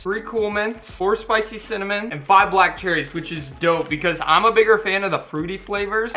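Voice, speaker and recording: A young man chatting through a casual product review, excitable and rambling with joking asides. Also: sits high. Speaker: YouTuber reviewing a sponsor product.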